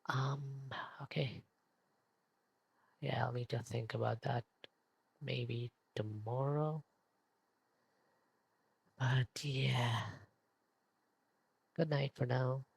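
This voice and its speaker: A young man streaming late at night, in a whispered role-play hush, quiet and hesitant with many fillers as he signs off. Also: medium pitch, steady tone, slow pace, creaky, long pauses, husky, no room sound.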